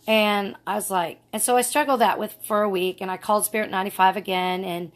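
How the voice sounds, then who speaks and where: A woman's voice: mid-range voice, fairly even intonation, fairly quick. Middle-aged woman, earnest rambling storyteller, casual vlog. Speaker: vlogger.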